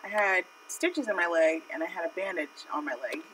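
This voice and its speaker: A woman's voice: fairly low pitch, animated, moderate pace, a bit bright, far from the mic, slight background noise, poor audio. A woman streaming while she draws, telling a personal story in a rambling, chatty way with lots of fillers. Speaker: art streamer. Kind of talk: casual live-stream storytelling.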